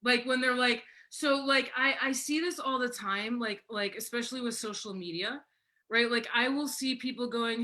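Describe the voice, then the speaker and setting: A bright, crisp-toned woman in her forties hosts a relaxed live chat. She talks in a somewhat high voice, chatty and animated, and laughs often as she acts out little quotes. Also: normal speed. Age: 40s. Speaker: host. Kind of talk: casual livestream chat.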